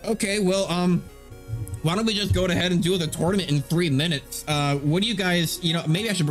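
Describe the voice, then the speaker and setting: A man streaming a game, chatting casually and rambling as he tests his settings, his voice slightly nasal on a streaming mic. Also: on the high side. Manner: rambling and self-correcting, chatty. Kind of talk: casual live-stream chat while gaming. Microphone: streaming microphone. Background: game audio.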